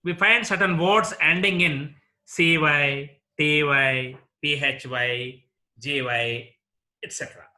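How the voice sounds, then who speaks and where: Slow, bright-voiced Indian English lecturer. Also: male voice, on the high side. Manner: slow, deliberate, repeats example words for drill. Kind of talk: classroom lecture on word stress.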